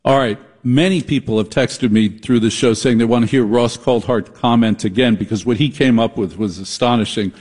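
A man's voice: mid-range voice, moderate pace, hardly any pauses, darkish tone. A man hosting a talk radio show, riffing sarcastically in a comedic monologue. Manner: riffing, sarcastic, puts on mocking voices.

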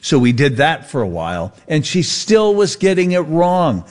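A man's voice: on the high side, big pitch swings. A man co-hosting a radio show, chatting casually and telling a rambling anecdote. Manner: easygoing storyteller, drawn-out anecdotes. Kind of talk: casual on-air chat.

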